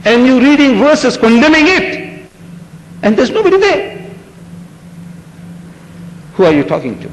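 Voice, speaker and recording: A man's voice: extremely high pitch, wildly swooping pitch, measured pace, long pauses. Older man lecturing in an echoey hall. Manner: theatrical, rhetorical questions, acts out scenes; switches between English and Hindustani. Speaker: public lecturer on religion. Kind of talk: lecture to a live audience. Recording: echoey hall with faint background noise.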